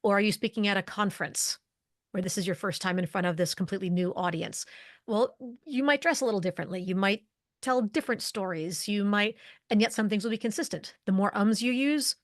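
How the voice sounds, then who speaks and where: A woman speaking as an interview guest and communication expert, explaining her points clearly in long lists. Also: mid-range voice, no room sound, studio quality. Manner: articulate, explanatory, lists points in quick series. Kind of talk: podcast interview.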